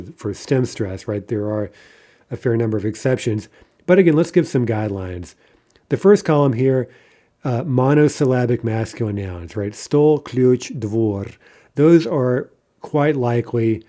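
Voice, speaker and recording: A man teaching an online language grammar lesson, explaining patterns step by step, often checking in with "right?" and trailing off into quieter asides. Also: medium pitch.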